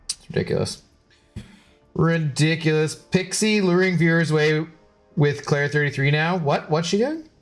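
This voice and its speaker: With soft music in the background, a man with a higher-side voice speaks at normal speed while streaming a game. He reads chat and chats casually, joking, sarcastic, and swearing without restraint.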